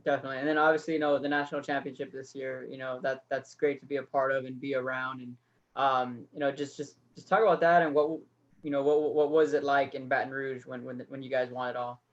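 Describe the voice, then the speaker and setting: A man's voice: mid-range voice, level tone, fast talker. A man interviewing an athlete, asking questions in a hesitant way with many "uh"s. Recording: dull lo-fi sound.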